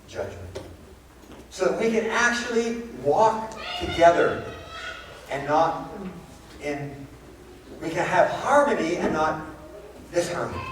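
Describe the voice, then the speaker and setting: A man preaching a sermon as a pastor, telling stories and asking the congregation rhetorical questions. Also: on the high side. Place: church sanctuary. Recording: very echoey church hall, far-off mic, background noise.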